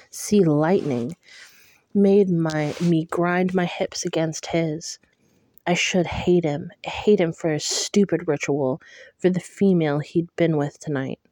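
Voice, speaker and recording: A woman reading a first-person novel aloud in a hushed, intimate way. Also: low voice, no room sound, studio quality. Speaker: audiobook reader.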